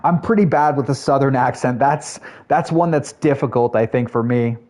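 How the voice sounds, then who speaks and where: A Canadian man talks casually with his live-stream chat while he plays. His voice sits at a middle pitch, and his talk is friendly, loose and full of fillers as he greets viewers and chats with them by name. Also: moderate pace, a little mellow. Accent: Canadian English.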